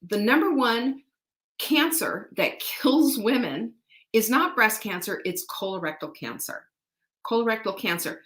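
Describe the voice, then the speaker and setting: Female sales-stream host, lively pitch, bright and sharp, folksy direct address, echoey room. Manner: animated, folksy and chatty, addresses viewers directly. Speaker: host selling products.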